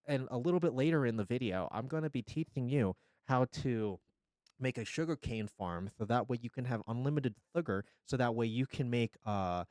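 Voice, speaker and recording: Man playing a hushed, rambling gamer doing a tutorial, voice rising and falling. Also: fairly low pitch, vocal fry, voice pushed down, exaggerated voice. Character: male gamer narrating a Minecraft tutorial.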